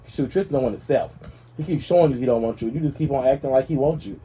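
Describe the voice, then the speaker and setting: A man hosting a gossip show, talking in a sassy, animated way and speaking straight to the celebrities he discusses. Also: mid-range voice, fast talker, husky, low-quality recording. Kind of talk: casual celebrity gossip commentary.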